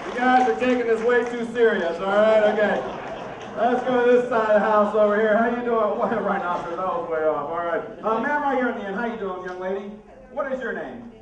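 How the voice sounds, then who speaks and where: On a theater stage before a live audience, a man hosts a comedic mind-reading show and trades upbeat jokes with the crowd. His voice is high and fairly quick, with crowd noise in the background. The sound is roomy and picked up from afar.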